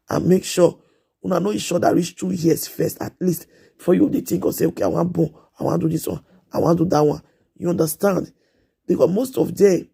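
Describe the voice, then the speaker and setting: Husky Nigerian woman, gravelly and pleading. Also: fairly low pitch, warm tone. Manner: repetitive, pleading, earnest. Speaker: live streamer giving advice. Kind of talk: casual live stream advice talk.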